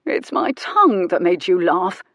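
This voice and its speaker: A woman voicing a poised, wealthy male marquess who speaks in a low, teasing, intimate murmur. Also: steady tone, normal speed, no echo, studio quality. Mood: wry.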